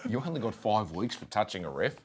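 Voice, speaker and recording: A man's voice: on the low side, quick pace, slight background noise. Easygoing man hosting a podcast. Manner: relaxed, jokey questioning. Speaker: podcast host. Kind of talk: casual chat.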